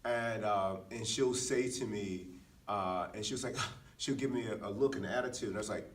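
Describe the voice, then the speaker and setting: Earnest low-voiced man, off-mic. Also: normal speed, distant mic. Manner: earnest, anecdotal, frequent restarts. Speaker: podcast co-host. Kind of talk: casual reflective chat.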